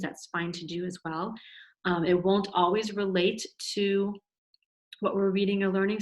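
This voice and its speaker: A woman teacher in an instructional video for parents, praising a child's writing and slowly sounding out letters and words. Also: on the low side.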